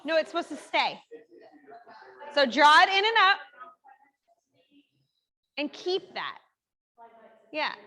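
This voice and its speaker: A woman's voice: high voice, very animated, slow pace, long pauses, pushed and bright. A woman physical therapist leading a group exercise workshop in a fitness studio, giving chatty coaching cues. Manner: upbeat, chatty coaching cues with frequent "like" and "right?".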